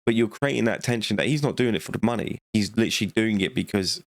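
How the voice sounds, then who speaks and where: A man's voice: on the low side, fast, creaky, no echo. A man casually reviewing a movie, rambling and joking, laughing often and swearing.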